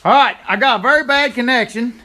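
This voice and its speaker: A man's voice: very high voice, fairly quick, pushed and bright. A man chatting casually on a live stream, folksy and greeting viewers by name, talking into a handheld phone while walking around his yard. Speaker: livestreaming channel host. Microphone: phone held in hand.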